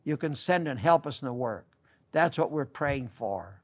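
An older man preaching a radio sermon, fervent and pleading, with loud bursts of emphasis and soft earnest passages, quoting scripture in old-fashioned wording. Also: medium pitch, lively intonation, moderate pace.

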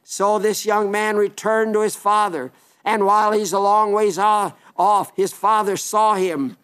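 Older male preacher, high-pitched, earnest and pleading sermon delivery. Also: fairly even intonation, unhurried, a bit bright, clean tone. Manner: earnest, pleading, repeats phrases.

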